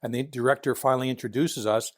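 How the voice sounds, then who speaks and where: Speaking fast in a medium-pitched voice with fairly even intonation, this Philadelphia man in his sixties is a retired FBI agent guesting on a casual interview. He chats easily, chuckles while telling anecdotes, and acts out the voices of the people in them in his Philadelphia accent. The sound is clean studio audio with no echo.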